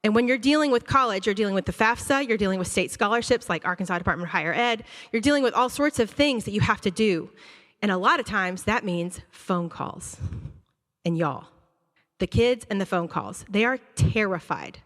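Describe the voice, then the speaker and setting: A woman school counselor giving an animated, conversational talk to a church audience, acting out her students' reactions. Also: mid-range voice, brisk. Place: church auditorium. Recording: long hall reverb.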